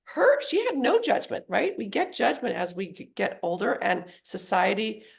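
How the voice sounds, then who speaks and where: A middle-aged woman with a gravelly, fry-tinged voice speaks as a psychologist guest on a podcast. She tells her stories in an animated way. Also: mid-range voice, normal speed. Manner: storytelling, animated voicing of quoted people. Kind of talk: podcast interview.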